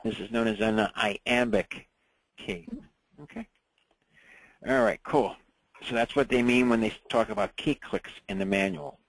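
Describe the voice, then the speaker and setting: Gravelly-voiced man teaching a ham radio class. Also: on the low side, measured pace, pauses often, no room sound, poor audio. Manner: relaxed, chatty, checks in with "right?" and "okay?".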